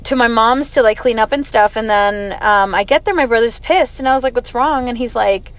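A woman's voice: a little high, fairly quick. A woman in her twenties casually telling stories on her way home from work, talking with lots of "like" and "um". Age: 20s. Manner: chatty, filler-heavy, lots of "like" and "um". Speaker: audio vlogger. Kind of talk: casual rambling storytelling.

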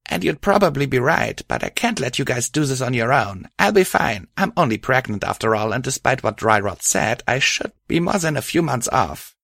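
A man's voice: medium pitch, sing-song, normal speed, vocal fry, hardly any pauses, a bit bright, no room sound, clean studio sound, voice pushed up, full character voice. A man reading aloud and voicing a determined pregnant female pony who insists on coming along. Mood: insistent.

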